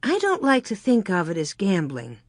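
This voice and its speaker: A reader voicing a calm pioneer mother who speaks gently and softly. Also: medium pitch, normal speed, no room sound, clean studio sound. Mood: gentle. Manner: gentle, soft-spoken.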